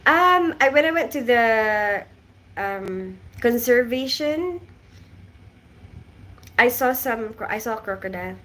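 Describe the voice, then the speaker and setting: A woman's voice: fairly high pitch, lively intonation, takes it slowly, long pauses, fairly bright tone. A woman with a mixed Filipino and British accent, chatting casually on a livestream, rambling through stories and laughing often. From Philippines. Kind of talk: casual live-stream chat. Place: abroad in Colombia.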